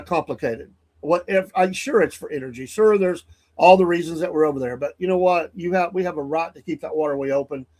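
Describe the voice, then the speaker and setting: A man's voice: on the high side, darkish tone. A man with a somewhat raised voice hosts a morning show and talks straight into a studio mic. He is blunt and heated, rambles, and often restarts his sentences. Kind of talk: opinionated solo commentary.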